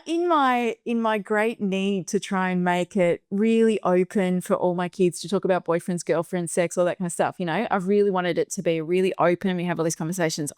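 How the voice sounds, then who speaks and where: Animated Australian woman telling a story. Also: lowish voice, no room sound, studio quality. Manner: animated, laughs often, acts out quoted voices. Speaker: podcast host. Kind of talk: casual conversational storytelling.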